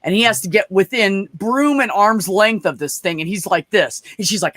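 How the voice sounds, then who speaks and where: A man telling a profane, animated story in casual chat. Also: sits high, normal speed, few pauses, no echo, clean studio sound.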